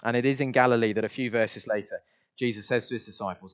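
A man preaching a sermon in an emphatic voice, repeating refrains and shifting his loudness widely. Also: medium pitch, fairly even intonation, quick pace, clean tone, muffled recording.

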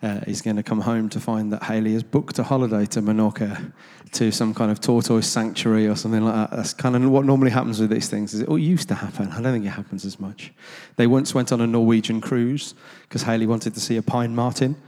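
A man with a lowish, steady, mellow voice speaks briskly with few pauses, telling anecdotes to a gathered audience. His delivery is loose and conversational, full of ums and self-deprecating asides, with the long reverb of a large hall.

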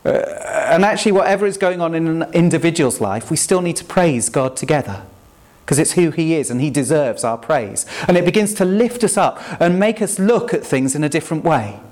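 A man's voice: a little high, lively intonation, a little fast, darkish tone. A man preaching a sermon, talking conversationally and asking the congregation rhetorical questions. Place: church.

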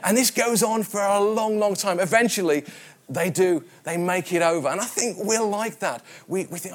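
Man preaching, from the West Midlands, fairly high voice, chatty storytelling sermon, restarts his phrases. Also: normal speed. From West Midlands, England. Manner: conversational and anecdotal, with frequent repetitions. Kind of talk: sermon with personal stories.

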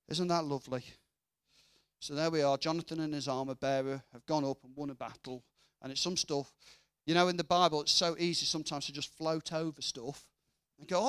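A man's voice: fairly high pitch, fairly even intonation, fairly quick, a bit bright, smooth. A man preaching a sermon, reading scripture and then chatting through the story, acting out the voices of its characters. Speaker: guest preacher.

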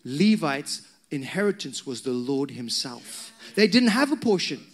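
Man, pastor, sermon, somewhat high voice, animated storytelling, talks straight to the crowd. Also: measured pace.

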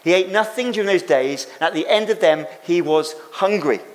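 A man's voice: high voice, normal speed. Man preaching an emphatic sermon. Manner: emphatic preaching with repeated phrases and quoted lines. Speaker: pastor.

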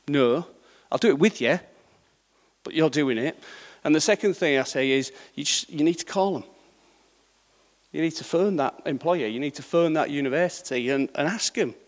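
Speaking in a large hall with a slightly high voice, this middle-aged preacher keeps his sermon conversational. He regularly checks in with the congregation, asking "yeah?" again and again.

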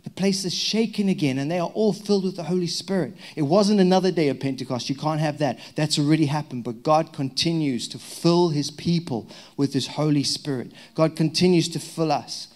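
A man from Zimbabwe with a Zimbabwean accent, a pastor giving a lively sermon with humorous stories. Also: a little high, a little fast, few pauses. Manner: lively, humorous storytelling with prayer. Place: church hall.

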